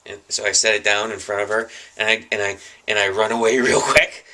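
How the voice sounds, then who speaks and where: A man's voice: fairly low pitch, fairly even intonation, brisk, pushed and bright. A man casually telling a story in a vlog, rambling with many fillers and chuckles. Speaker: vlogger.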